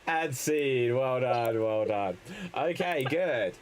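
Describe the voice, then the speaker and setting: A man hosting an improvised comedy stream, explaining game rules in a brisk manner with frequent fillers. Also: medium pitch, expressive, rough recording. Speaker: improv show host. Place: online stream setup.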